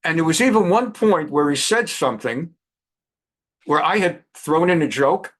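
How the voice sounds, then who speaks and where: A man in his sixties, a rabbi hosting a weekly program, telling anecdotes in a chatty, animated way with frequent restarts. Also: fairly high pitch, moderate pace. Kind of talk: anecdotal monologue.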